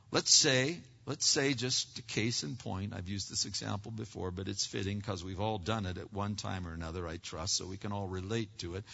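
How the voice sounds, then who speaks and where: A man's voice: medium pitch, vocal fry, sharp tone. A man preaching a sermon as a pastor, talking conversationally with frequent restarts and repeated words. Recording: dull lo-fi recording.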